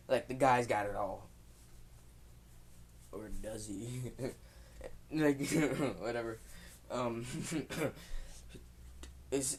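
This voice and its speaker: A young man casually improvising a fan fiction story, rambling with lots of fillers, restarts and chuckled asides. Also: mid-range voice.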